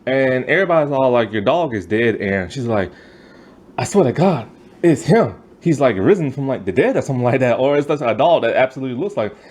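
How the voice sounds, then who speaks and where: A man recaps a TV episode in a loose, chatty review, and his pitch jumps around a lot as he tells it. He slips into the characters' lines as he retells scenes, and he keeps breaking into laughter. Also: quick pace, few pauses. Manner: animated, laughs often, acts out characters' lines while retelling. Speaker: TV show reviewer.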